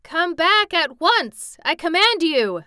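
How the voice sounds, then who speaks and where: A woman's voice: lively intonation, normal speed, bright, forceful tone, smooth, dry recording, clean studio sound. Tip: a woman voicing a nervous young boy. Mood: frightened shouting. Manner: anxious, high-strung. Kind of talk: storybook reading.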